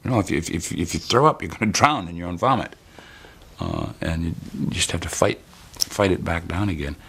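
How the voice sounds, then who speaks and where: Man, interview, extremely deep voice, emphatic vivid retelling. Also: expressive, brisk, gravelly, a bit bright, a little hiss or hum. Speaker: former hostage interviewee. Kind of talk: interview recollection.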